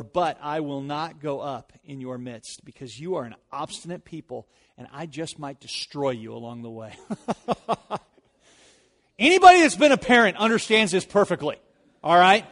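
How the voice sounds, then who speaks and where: A male pastor delivering a sermon in a fairly high voice. He moves between hushed, serious points and energetic, animated storytelling. The sound carries a long reverb from a large hall. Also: unhurried. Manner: animated storytelling, rising loud in anecdotes.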